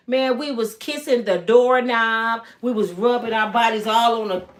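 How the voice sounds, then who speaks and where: A woman's voice: fairly high pitch, moderate pace. A woman in her fifties from Michigan, telling a personal story in a casual, emphatic way. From Michigan, USA. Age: 50s. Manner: animated, emphatic, acts out voices. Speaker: storytelling vlogger.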